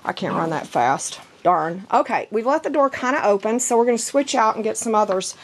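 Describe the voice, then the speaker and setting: A woman with a hoarse voice from laryngitis, rambling in a casual vlog and slipping into sing-song baby talk with her puppies in an outdoor yard. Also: on the high side, expressive, brisk. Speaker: dog breeder.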